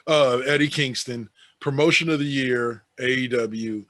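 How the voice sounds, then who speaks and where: A man co-hosting a casual podcast, reading through an awards list with sarcastic asides. His voice sits at an ordinary middle pitch. It sounds dry and close, with no room echo. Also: a little slow, fairly bright tone. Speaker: podcast co-host.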